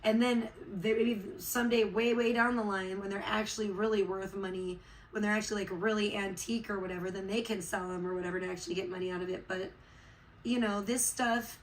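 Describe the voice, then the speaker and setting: A woman from Chicago talks casually to her livestream viewers, rambling and full of fillers. She sounds heartfelt and is just getting over being sick. Her voice sits at an average pitch, with a faint hiss in the background. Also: fairly even intonation, a little fast, poor audio. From Chicago, USA. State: recovering from illness.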